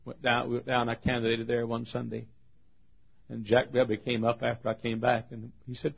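Gravelly man, husky voice, pastor, dull old sermon recording, quiet then shouting. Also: medium pitch, monotone, normal speed. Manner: swings from quiet storytelling to shouted preaching.

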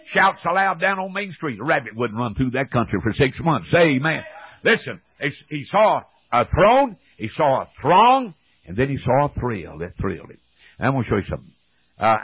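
A man's voice: mid-range voice, slightly rough, no echo. A man preaching a fervent revival sermon, calling for amens in folksy speech. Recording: dull old radio broadcast.

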